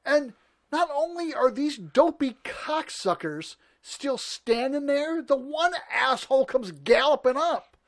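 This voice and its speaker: A man's voice: very high-pitched, lively intonation, slow. A man co-hosting a podcast, ranting and swearing constantly as he laughs through a video clip. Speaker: podcast co-host. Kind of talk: profane casual banter.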